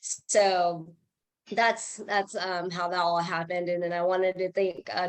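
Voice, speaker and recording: A woman telling a casual sales story on a group call, chatty and animated, acting out what people said. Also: on the low side. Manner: chatty, animated, acts out quoted dialogue. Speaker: team member sharing a sales story.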